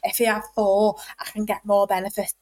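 Halting, chatty woman. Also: medium pitch, little pitch movement, a little mellow. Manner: halting, full of fillers and restarts. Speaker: podcast co-host. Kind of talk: casual podcast chat.

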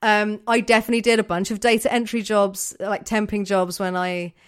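A woman in her thirties co-hosting an improvised comedy chat, animated and laughing often. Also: mid-range voice, a little fast, clear, resonant tone. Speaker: co-host.

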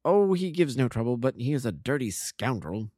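A man's voice: mid-range voice, big pitch swings, moderate pace, dark tone, no echo, clean studio sound. A man voicing a hearty middle-aged male police inspector, jovial and officious.

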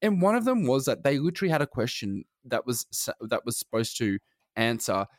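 A man chatting loosely on a podcast, his pitch rising and falling a lot. He rambles and restarts, padding his talk with fillers. The sound is dry and close. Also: big pitch swings, brisk, no echo. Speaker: podcast co-host. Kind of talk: casual chat.

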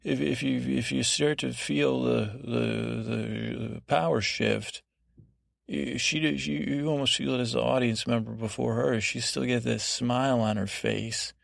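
A man hosting a podcast, rambling through a bedtime TV recap in a meandering, halting way with many restarts and asides. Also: medium pitch, fairly even intonation, gravelly, no echo, studio quality. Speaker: podcast host.

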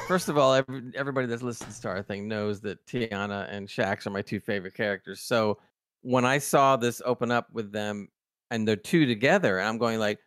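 A man co-hosting a podcast, chatting casually about a TV episode and retelling scenes with excited quoted reactions. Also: lowish voice, fairly quick, clean tone, dry recording, clean studio sound. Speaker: podcast co-host. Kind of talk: casual TV review chat.

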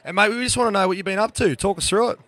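A man's voice: high-pitched, rapid-fire, a bit bright, dry recording. A man with an Australian accent co-hosting a sports podcast, telling cheeky stories and crude jokes. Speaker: podcast co-host. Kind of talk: casual sports chat.

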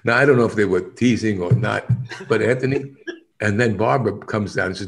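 Low gravelly guy telling on-set stories, laughs a lot, does everyone's voices. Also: brisk. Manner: animated, laughs often, acts out other people's lines. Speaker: actor guest telling stories. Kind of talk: casual storytelling in an interview.

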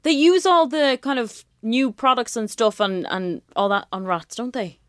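A woman's voice: on the high side, moderate pace, no echo, clean studio sound. A woman co-hosting an evening radio show, exasperated and squeamish in casual banter. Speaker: radio co-host. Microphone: studio microphone.

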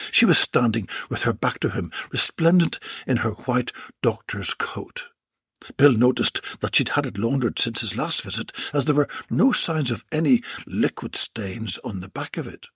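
Slow, breathy man narrating a comic audiobook, close dry mic. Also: mid-range voice, no room sound.

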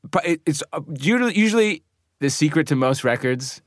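A man's voice: a little high, lively intonation, a little fast, no echo. A man, a recording engineer telling studio stories in a casual interview, with many restarts and asides. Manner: rambling anecdotes with laughs and restarts. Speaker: recording and mixing engineer, guest.

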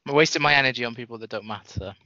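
A speaker with a Welsh accent in casual chat, blunt and deadpan. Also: medium pitch, very fast, dry recording. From Wales. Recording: dry, slightly dull audio.

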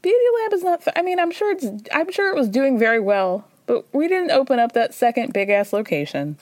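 A woman's voice: sits high, big pitch swings, brisk, no room sound. A woman hosting a podcast, recapping reality TV in a gossipy, storytelling way and acting out quotes. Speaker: podcast host.

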